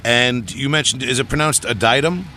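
A man hosts a casual podcast interview, asking long, chatty questions with open enthusiasm. His tone is bright and forceful. Faint background noise sits under his voice. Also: medium pitch, normal speed. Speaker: podcast host.

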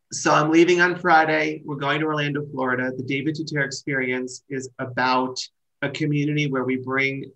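A middle-aged man, a wedding planner and guest, telling stories in casual conversation with lively restarts and trailing phrases. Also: medium pitch, rough recording. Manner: animated storyteller, trailing restarts.

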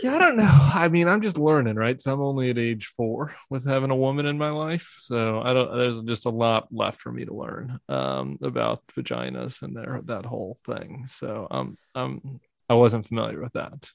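Podcast guest, 30s male, gravelly, self-deprecating rambler, dry close mic. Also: medium pitch, lively intonation, moderate pace, dry recording. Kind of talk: casual chat.

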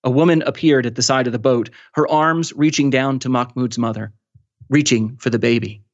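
A man reading aloud from his novel in a measured storytelling manner. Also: medium pitch, steady tone, dry recording, lo-fi sound. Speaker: author reading his book. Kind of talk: read-aloud narration.

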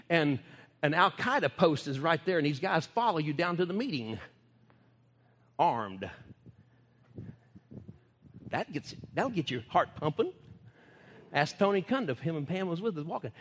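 A man with a Texan accent, a preacher telling stories in a folksy, laughing sermon style. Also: fairly high pitch. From Texas. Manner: folksy, laughing, animated storytelling. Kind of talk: sermon storytelling. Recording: echoey hall.

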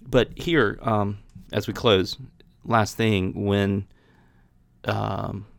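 Reading from the Bible and then discussing it informally, this podcast host restarts many times. He speaks very slowly in a low, creaky, steady voice, recorded with no room sound.

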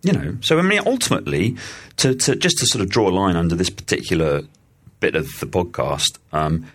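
A man co-hosting a podcast in casual chat, animated and chuckling, with frequent restarts. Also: low voice, brisk, a little hiss or hum. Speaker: podcast co-host.

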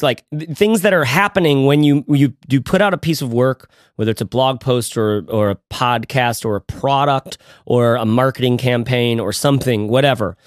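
A man's voice: mid-range voice, dry recording. Casual male co-host, joking and rambling, dry close mic. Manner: jokey, rambling, stumbles over words. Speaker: podcast co-host. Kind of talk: casual podcast chat.

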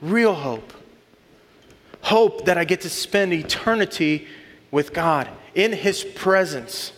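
Male preacher, earnest sermon delivery, slightly high voice, long hall echo. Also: slow, a bit bright. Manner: earnest, builds to rising emphatic lists.

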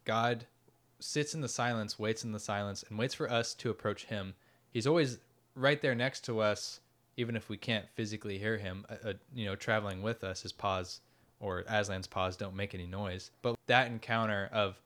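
A man's voice: lowish voice, fairly even intonation, moderate pace, a bit bright. A man in casual conversation, retelling a story with fillers and reflecting on its meaning. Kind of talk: casual faith discussion.

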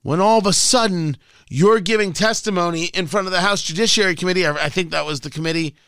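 A man's voice: high voice, fast talker, fairly bright tone, clean tone, no echo, clean studio sound. A male talk radio host delivering a combative, sarcastic political rant.

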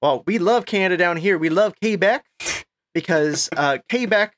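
A man's voice: sits high, expressive, normal speed, fairly bright tone, pitched above the performer's own voice. A man putting on a Texas accent to play a friendly, boastful Texan client. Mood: jovial. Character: jovial Texan businessman, loud and friendly.

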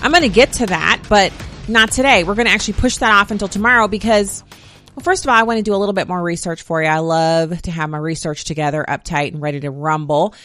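A woman's voice: lowish voice, quick pace, fairly bright tone, soft background music. A woman hosting a political commentary podcast, chatty and opinionated with snarky asides. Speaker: podcast host.

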